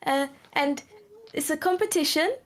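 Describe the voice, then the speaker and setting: Woman player, high voice, stammering, flustered casual talk. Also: normal speed. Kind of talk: casual tabletop play.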